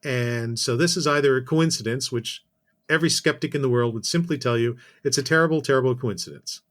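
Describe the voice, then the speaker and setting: A man's voice: medium pitch, brisk, fairly bright tone. Canadian man telling a rambling story. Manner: rambling anecdotes with self-corrections and dry asides. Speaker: guest. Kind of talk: casual storytelling.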